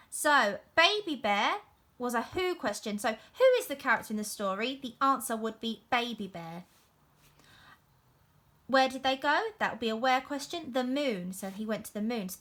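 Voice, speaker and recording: A woman's voice: on the high side, pushed and bright. A woman, a primary teacher, giving a recorded reading lesson to young children in an encouraging, sing-song way. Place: home.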